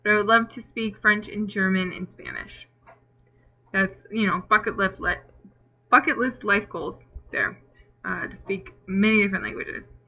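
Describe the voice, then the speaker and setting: A woman's voice: mid-range voice, little pitch movement, moderate pace, bright, forceful tone, highs cut off. A young woman vlogger answering tag questions in a chatty, rambling way with lots of fillers, hiccuping now and then. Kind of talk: casual Q&A tag video.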